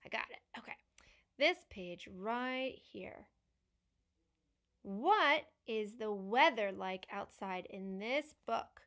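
A young woman who works as a speech-language pathologist reads a picture book aloud to children, slowly and encouragingly asking questions and praising their answers. Her voice sits at medium pitch, sounding animated with a fairly bright tone.

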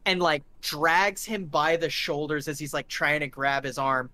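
A man's voice: fairly high pitch, fairly even intonation, a little slow, sharp tone. Gm guy narrating a tabletop game, gory details, lots of likes and ums. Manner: vivid, gory scene-setting with many fillers. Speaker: game master.

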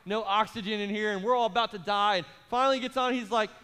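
A pastor preaching a sermon, telling a comic story with acted-out voices before turning calm and earnest. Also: male voice, sits high, quick pace, clear, resonant tone. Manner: animated storyteller, acts out voices, later calm and earnest in prayer. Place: large church auditorium. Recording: live church hall reverb with faint music.

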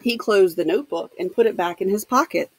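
Teacher lady reading a book out loud for class, stops to explain, dry sound. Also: mid-range voice, no echo. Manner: pauses to explain to students, with fillers. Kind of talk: reading a novel aloud for students. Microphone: home computer mic.

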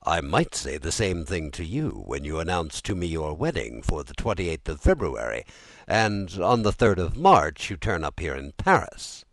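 A man's voice: deep voice, sing-song, moderate pace, fairly bright tone, no echo, exaggerated voice. A male audiobook reader voicing an older, self-assured father who teases his son in a wry manner.

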